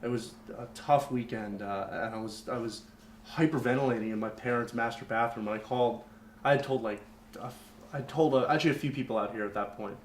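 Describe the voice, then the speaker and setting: A young man speaks briskly in a mid-range voice as a podcast guest, telling a personal story in a candid, rambling way full of fillers. The recording has a roomy echo and faint background noise.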